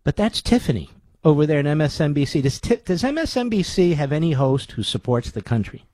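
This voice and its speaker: A man's voice: fairly high pitch, big pitch swings, brisk, mellow, no room sound, studio quality. Sarcastic ranting talk radio man. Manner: asks rhetorical questions. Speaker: radio talk show host.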